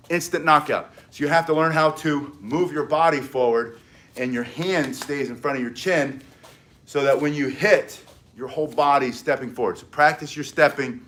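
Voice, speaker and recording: Energetic man teaching self-defense. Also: on the high side. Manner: energetic, demonstrates moves while talking. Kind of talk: demonstration tutorial.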